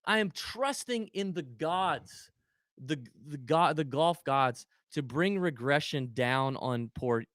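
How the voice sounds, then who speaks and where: A male podcast host chatting casually and telling stories animatedly, with goofy sound effects thrown in. His pitch swings widely, and the recording is dry and close. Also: animated, takes it slowly, a bit bright, no room sound. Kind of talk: casual chat.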